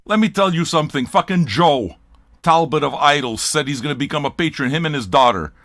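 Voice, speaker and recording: A man's voice: fairly high pitch, lively intonation, fairly quick, fairly bright tone, no room sound, studio quality. An older man hosting a record-listening show, talking in a blunt, profane, rambling livestream rant.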